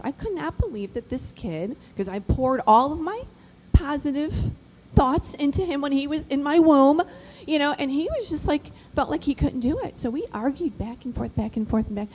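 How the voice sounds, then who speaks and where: Animated woman telling stories to mothers. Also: high voice, normal speed, a little hiss or hum, rough recording. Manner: animated, emphatic, repetitive. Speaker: speaker addressing mothers. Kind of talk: motivational storytelling speech.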